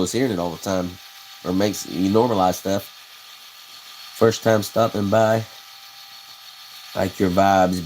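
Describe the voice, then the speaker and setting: A man with a lowish voice chats casually on a livestream while making custom fishing rods, rambling in a folksy style, reading viewer comments and laughing at his own stories. The audio is poor, with a little hiss or hum.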